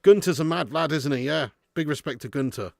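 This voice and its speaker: An excitable man commentating live on a football match to his stream audience, chatty and laddish, with frequent swearing. His voice sits fairly high for a man and has a dry sound with little room echo. When the game turns against his side he breaks into loud shouting. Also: brisk, vocal fry. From England. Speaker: host of a football watch-along stream. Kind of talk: live football watch-along commentary and chat.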